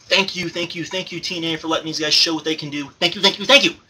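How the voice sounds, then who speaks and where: A man's voice: fairly high pitch, fairly even intonation, fast talker, pushed and bright, slight background noise, poor audio. A man voicing a giddy male alter-ego reviewer who gushes over wrestling shows and keeps repeating and exclaiming. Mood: gushing. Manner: gushing, repeats himself, exclaims often. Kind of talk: excited spoken review.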